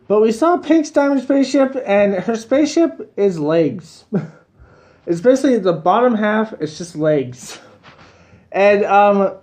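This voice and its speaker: A man's voice: high voice, dark tone. A man giving a casual, rambling video review of a cartoon episode, repeating himself and chuckling between points.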